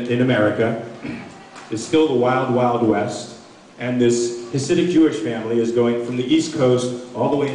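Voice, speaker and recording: A man's voice: medium pitch, a little mellow, a little hiss or hum. A man on a convention panel telling a joke to an audience, laughing at himself and fumbling along. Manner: self-deprecating, laughs at himself. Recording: echoey convention hall, mic far off.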